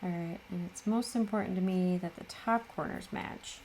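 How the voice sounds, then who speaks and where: Chatty woman with a gravelly voice. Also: lowish voice, steady tone, moderate pace, a little mellow, slight background noise. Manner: chatty, self-deprecating asides. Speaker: craft channel host. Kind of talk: casual crafting tutorial.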